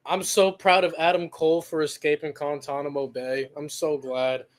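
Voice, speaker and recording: A man's voice: on the high side, flat delivery, moderate pace. A man co-hosting a wrestling podcast, exasperated and profane, often laughing. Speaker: podcast co-host. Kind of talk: heated casual chat.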